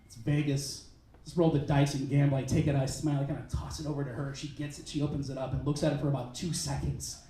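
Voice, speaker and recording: A male stand-up comedian telling a story on a comedy club stage, with an animated, punchy delivery and quick asides. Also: mid-range voice. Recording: roomy club sound, mic at a distance.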